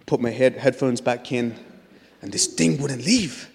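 A man's voice: medium pitch, measured pace, vocal fry, slightly rough. A man sharing a testimony in a sermon, telling his story earnestly with frequent restarts. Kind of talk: testimony preaching. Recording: long hall reverb.

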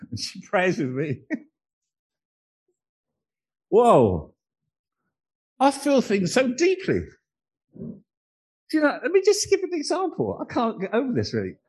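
A man's voice: very high-pitched, wildly swooping pitch, slow pace, pauses often, breathy edge, poor audio. A man preaching a sermon, earnest and emotional, telling personal stories.

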